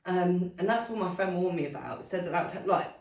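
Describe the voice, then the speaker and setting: Quick-paced and creaky, this young podcast co-host has a lowish voice with lively intonation. She's telling a story in a candid, casual way, full of fillers and swearing, captured on a distant mic that sounds roomy.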